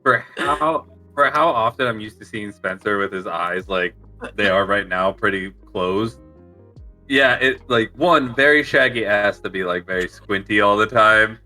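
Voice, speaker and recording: A man with a middle pitch and an extremely bright tone rambles through a joking aside in a casual podcast chat. Faint music runs behind. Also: measured pace, low-quality recording.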